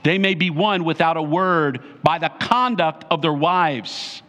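A man's voice: on the high side, a little slow, fairly bright tone. A male pastor preaching a sermon emphatically, repeating short phrases for emphasis.

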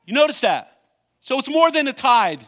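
A male pastor preaching a sermon, reading scripture aloud and breaking in with quick comments of his own. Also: extremely high pitch, big pitch swings, fairly bright tone. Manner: reads scripture, then comments with quick asides and laughs.

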